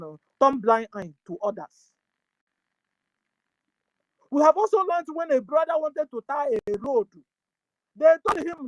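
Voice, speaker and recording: High, gravelly Nigerian woman pleading. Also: a little mellow, dry recording, rough recording. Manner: pleading, full of rhetorical questions; switches into Igbo prayer. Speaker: activist commentator. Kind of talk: impassioned spoken commentary.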